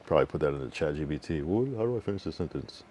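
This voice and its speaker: A young male streamer with a deep, low voice rambles through his live chat. He teases and trash-talks viewers with slang and cursing, drifting through restarts and loose asides. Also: lively intonation, mellow, a little hiss or hum. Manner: teasing, trash-talking banter with swearing and slang; loose, rambling delivery with restarts and drawn-out counting. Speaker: livestreamer. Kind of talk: casual livestream chat, reading and answering chat.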